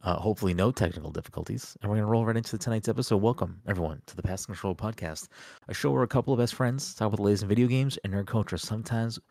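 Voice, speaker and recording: A man's voice: on the low side, very fast, creaky, hardly any pauses, a little mellow, dry recording, studio quality. A young adult man hosting a gaming podcast in a loose, joking way, cursing casually as he runs the intro. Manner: loose, joking, swears freely. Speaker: podcast host. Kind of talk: casual chat.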